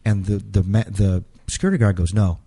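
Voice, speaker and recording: A man's voice: lowish voice, fairly even intonation, fairly quick, mellow. A man telling a long personal story in a casual interview, rambling and restarting and quoting others in his own voice. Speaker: interview guest.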